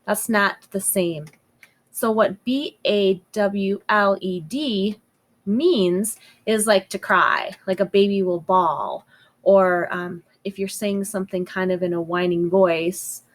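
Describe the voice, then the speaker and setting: A woman teaching first graders a phonics lesson, slowly and patiently sounding out each word. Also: medium pitch, fairly even intonation, rough recording. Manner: sounds out words slowly and clearly. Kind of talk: slow, patient phonics lesson for young children.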